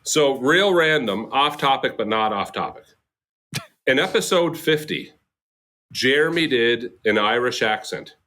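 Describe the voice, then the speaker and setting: A man hosting a casual comedy podcast with friends, animated and laughing as he talks. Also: mid-range voice, a little slow. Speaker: podcast host.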